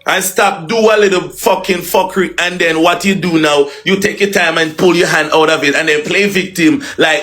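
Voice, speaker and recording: A man's voice: on the high side, a little fast, hardly any pauses, a bit bright. A man with a Jamaican accent in a heated, profane, taunting live-stream rant that repeats its jabs.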